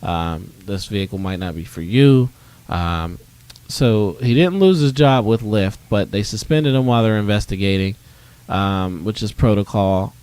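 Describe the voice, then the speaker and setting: A man's voice: lowish voice, measured pace, darkish tone, clear, resonant tone, no room sound. A man co-hosting a podcast, telling a story in casual chat with lots of ums and quoted voices. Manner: rambling storytelling with many fillers and acted quotes. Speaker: podcast co-host.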